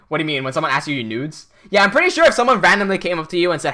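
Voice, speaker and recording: A man streaming live, reading chat aloud and thinking out loud as he works. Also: high voice, sing-song, rapid-fire. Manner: thinks aloud while working, reads chat aloud. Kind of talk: casual livestream chat.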